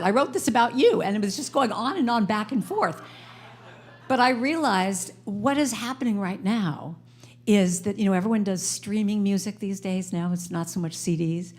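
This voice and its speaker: A middle-aged woman giving an inspirational talk at a live service, playful and animated, getting the audience to repeat phrases after her. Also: mid-range voice. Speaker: guest speaker and singer-songwriter. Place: live service in a spiritual center.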